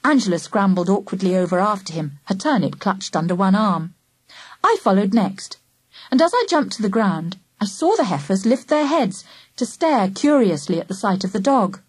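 A woman narrating a children's story aloud in a lively, animated first-person voice. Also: mid-range voice, moderate pace, breathy edge, dry recording. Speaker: audiobook narrator.

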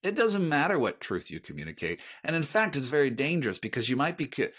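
A man's voice: mid-range voice, very animated, fast talker, a bit bright, breathy edge. A middle-aged man speaking as a guest author in a podcast interview, earnest and reflective as he talks about faith.

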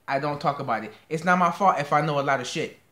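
A man's voice: on the high side, fast, bright, forceful tone. American man, co-host, bantering and defensive, roomy echo. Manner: teasing, playfully defensive. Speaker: co-host of a couple's channel. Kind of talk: casual couple banter.

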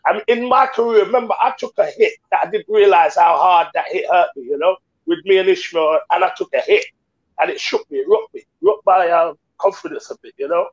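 A man's voice: high voice, brisk, lo-fi sound. A man co-hosting a casual chat and telling a comic story. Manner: storytelling, does silly voices. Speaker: co-host.

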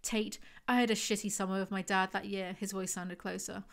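A woman's voice: mid-range voice, level tone, brisk, gravelly. A woman hosting a book review vlog, reading excerpts aloud and breaking in with sarcastic, wry asides. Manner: sarcastic, wry asides between read passages.

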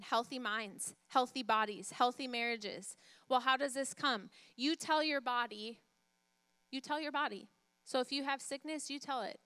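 A woman serving as pastor preaches emphatically, repeating key phrases and putting questions to her listeners, softening to a hush as she retells a story. Her bright, somewhat high voice has a clean tone, and the recording is close and dry.

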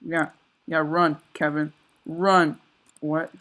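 A young man giving casual, excitable commentary while he plays a survival game, exclaiming and joking sarcastically. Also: a little high, slow, low-quality recording. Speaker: gameplay commentator.

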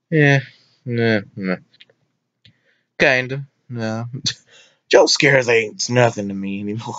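A man giving casual let's-play commentary on a horror game, excitable and prone to yelping and shouting at the screen. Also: medium pitch, slow, long pauses, no room sound. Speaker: gameplay commentator.

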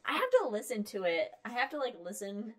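A woman's voice: on the high side, expressive, brisk, fairly bright tone. A young woman co-hosting a podcast, chatting casually and laughing often. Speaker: podcast co-host. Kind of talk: casual chat.

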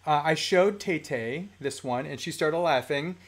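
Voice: medium pitch, unhurried. Chatty toy-collecting live-stream host. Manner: chatty, mildly profane, laughs often. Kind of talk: casual live-stream chat. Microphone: desk microphone.

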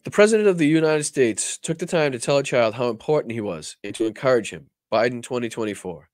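A man's voice: mid-range voice, lively intonation, fast talker, a little mellow, dry recording. A man hosting a political livestream, talking casually with a lot of profanity and rambling restarts. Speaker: political talk show host.

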